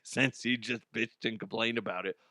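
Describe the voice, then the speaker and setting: A man in his forties from Colorado, a former radio voiceover guy, hosting a casual, profane comedy news rant, chatty and quick to laugh. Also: on the low side, fairly even intonation, bright, forceful tone, dry recording, studio quality. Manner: chatty, laughing, swears freely.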